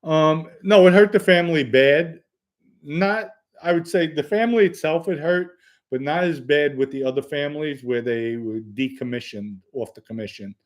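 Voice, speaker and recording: A man's voice: on the high side, moderate pace. A man hosting a live stream, answering viewer questions in a blunt, matter-of-fact way. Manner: blunt, matter-of-fact, reads chat comments aloud. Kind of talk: casual live-stream chat.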